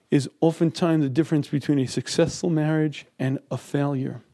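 A middle-aged man gives an emphatic Talmud lesson, his voice a touch higher than most men's but mellow and warm. He is recorded close and dry, with no room sound. He drops into quoted voices to make his points. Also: normal speed, no room sound. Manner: emphatic, acts out quoted speech. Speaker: Talmud teacher. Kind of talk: lecture on Talmud and marriage.

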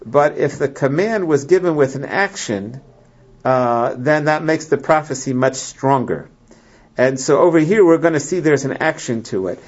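A man teaching a Bible class to a small group. He reads verses aloud and explains them in a halting way, with many restarts. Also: on the high side, expressive. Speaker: Torah teacher. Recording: lo-fi, muffled recording.

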